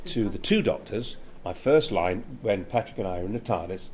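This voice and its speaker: Older male actor, low voice, storytelling interviewee, faint hum behind. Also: animated, moderate pace, darkish tone. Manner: chatty storyteller, laughs often. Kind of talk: anecdotal interview.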